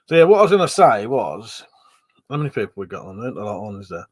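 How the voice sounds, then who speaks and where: A man's voice: on the low side, sing-song, fast. Chatty man, short of breath. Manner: chatty, swearing, reads chat aloud and rambles. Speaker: live stream host. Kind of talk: casual chat.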